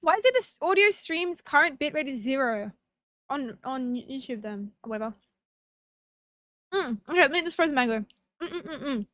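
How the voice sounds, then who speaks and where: A woman's voice: high voice, lively intonation, normal speed, a bit bright, no room sound, clean studio sound. A young woman streaming casually, bubbly and giggly as she greets her chat one by one.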